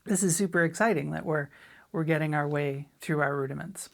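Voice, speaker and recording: A middle-aged woman teaching a drum lesson in a relaxed, chatty way, sometimes scatting rhythms aloud. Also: low voice, a little fast, gravelly, a little hiss or hum. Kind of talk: casual spoken lesson.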